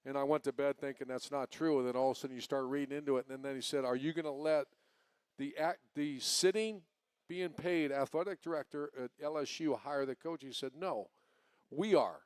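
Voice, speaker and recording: Man, former coach, smooth resonant voice, emphatic, dry close sound. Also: medium pitch, fairly quick, no echo. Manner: emphatic, lays out points by number. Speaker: former head coach, analyst. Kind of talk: live panel talk show. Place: live show in a pub.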